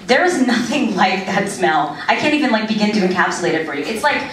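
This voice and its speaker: A woman's voice: medium pitch, very animated, fast talker. A woman in her thirties doing a crude, rambling stand-up set in a small club, laughing at her own jokes. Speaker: stand-up comedian. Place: small club with a live audience. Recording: echoey room recorded from far off, crowd noise. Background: audience chatter and laughter.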